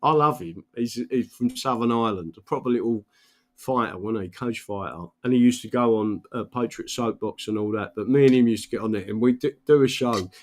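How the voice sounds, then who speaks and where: A man's voice: mid-range voice, a little fast. An older man, chatting casually and telling stories in a rambling way, swearing often and checking in with "right?". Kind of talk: casual storytelling chat.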